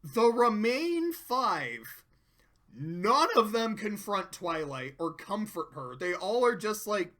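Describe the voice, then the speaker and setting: Young adult commentator, profane and excitable; slow delivery, bright tone. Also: mid-range voice. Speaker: video reviewer. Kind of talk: casual spoken commentary.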